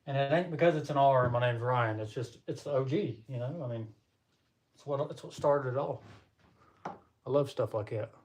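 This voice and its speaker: A man's voice: medium pitch, moderate pace, darkish tone. Folksy young Southern man chatting. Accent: Southern American. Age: young adult. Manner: folksy, chatty, addresses viewers as y'all. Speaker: livestream host. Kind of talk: casual live chat. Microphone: computer or phone mic on a livestream.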